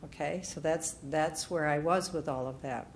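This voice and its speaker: A woman speaker at a retreat, telling a personal story in an animated way and acting out what others said. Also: deep voice, normal speed, slight background noise. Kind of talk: personal testimony talk. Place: retreat meeting room.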